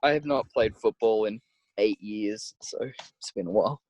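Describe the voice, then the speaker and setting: A man's voice: on the low side, normal speed, a little mellow. A young Australian man in his twenties, co-hosting a podcast and telling a rambling story with many restarts. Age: 20s. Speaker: podcast co-host. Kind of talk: casual chat, storytelling. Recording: dry, dull lo-fi podcast audio.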